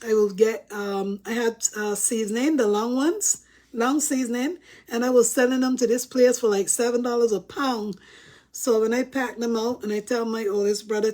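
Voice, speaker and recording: Bajan woman vlogger with a fairly high voice, chatty storyteller who laughs a lot. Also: normal speed, mellow. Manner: chatty, laughs often, addresses viewers as guys. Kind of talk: casual storytelling to camera.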